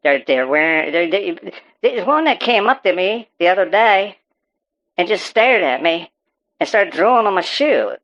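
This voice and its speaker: Very animated but a little slow, this medium-pitched voice belongs to a performer acting as a paranoid rural farmer. As a call-in show interviewee, he stammers and rambles through profane rants about super pigs, and the recording is dull and muffled.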